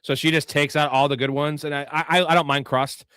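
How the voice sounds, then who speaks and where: A chatty man hosts a live sports stream in a bright, crisp voice. He talks through bets and greets the chat with casual swearing. The sound is dry and close. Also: a little high, little pitch movement, a little fast, no echo. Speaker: host.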